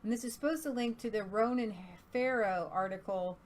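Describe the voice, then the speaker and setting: A woman's voice: fairly high pitch, fairly quick. Hesitant woman co-host reading posts aloud. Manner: hesitant, many fillers.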